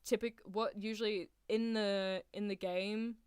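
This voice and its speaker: A woman streaming a live anime reaction, gushing and excitable, laughing often and swinging between loud cries and hushed near-whispers. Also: medium pitch, unhurried, smooth, no echo, clean studio sound. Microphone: headphones on while streaming.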